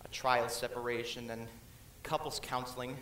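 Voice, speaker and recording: A man's voice: medium pitch, steady tone, a bit bright, a little hiss or hum, close to an everyday voice. A man playing a wistful, musing musical fan. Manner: chatty, musing, halting asides. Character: wistful middle-aged man, musical fan confiding in audience. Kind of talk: amateur stage musical acting. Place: theater stage. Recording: roomy stage recording.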